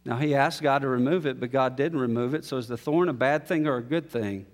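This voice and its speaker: A man preaching an expository sermon, building to emphatic peaks and then dropping low and quiet. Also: brisk. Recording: long reverb of a large hall.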